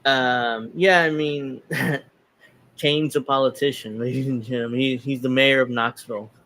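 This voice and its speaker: A man's voice: medium pitch, fairly even intonation, measured pace, a bit bright. Sarcastic man hosting a political talk show. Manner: sarcastic, reads tweets aloud in mocking voices. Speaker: podcast host. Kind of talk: casual political commentary.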